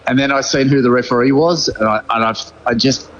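A man's voice: mid-range voice, a little fast, muffled recording, slight background noise. A man with a New Zealand accent, a former rugby player calling in from abroad and telling stories with lots of laughter. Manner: excitable, laughing storyteller. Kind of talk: casual phone-in chat.

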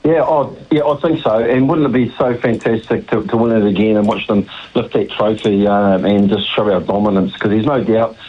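A man's voice: fairly low pitch, steady tone, moderate pace, few pauses, husky, lo-fi sound. A man from New Zealand phoning in to a radio show, talking in a rambling, hesitant way full of "mate" and fillers. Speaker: radio caller. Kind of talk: phone-in chat.

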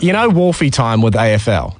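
Kiwi co-host on sports radio, chatty, keen to pitch ideas, close dry mic. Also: male voice, fairly quick, no echo. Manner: animated, pitches ideas, fillers. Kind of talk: casual sports radio chat.

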